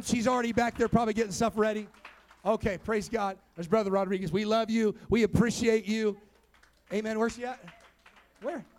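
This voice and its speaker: A young man, a pastor, preaching to kids and adults in a church, telling his story with rising emphatic calls. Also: sits high. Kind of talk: sermon to youth and church. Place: church sanctuary.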